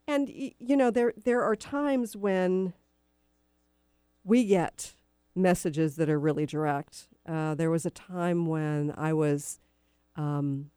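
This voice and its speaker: A woman's voice: on the low side, dark tone, clean tone, no echo, clean studio sound. A middle-aged woman hosting a radio talk show, telling personal stories in a chatty, meandering way with many fillers. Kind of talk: casual storytelling on talk radio.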